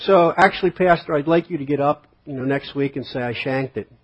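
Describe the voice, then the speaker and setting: A male pastor delivering a conversational sermon, peppered with rhetorical questions. His voice sits a touch high with a husky grain. The sound is muffled and lo-fi. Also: fast. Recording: dull lo-fi sermon recording.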